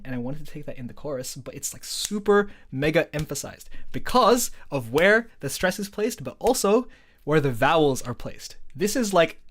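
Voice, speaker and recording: Casual woman streamer geeking out over her song, sings little vowel bits to show the rhythm. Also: sits low. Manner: enthusiastic, filler-heavy, sings vowel patterns to demonstrate. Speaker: songwriter explaining her song.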